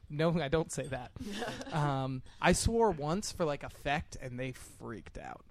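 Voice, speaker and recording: A young man co-hosting a casual chat, telling animated stories, laughing often and acting out what others said. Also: a little high, a little fast, few pauses. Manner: animated storyteller, laughs often, acts out kids' taunts. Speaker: podcast co-host.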